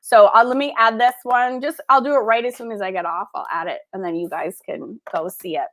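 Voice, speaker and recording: A woman's voice: a little high, fairly quick, fairly bright tone. A woman hosting a casual livestream, unboxing art books and gushing with gasps and laughs. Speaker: art school host.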